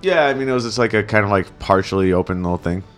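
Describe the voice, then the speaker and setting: A man as dungeon master, describing scenes casually with halting, laughing table talk. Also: fairly low pitch, a bit bright, soft background music.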